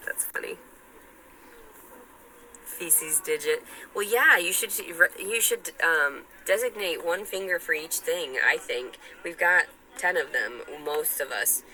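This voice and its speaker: A woman talks to the camera in a casual vlog. Her tone is very bright and sharp. She rambles on and sounds self-important, with faint noise in the background. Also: low-pitched, a little slow, hardly any pauses, poor audio.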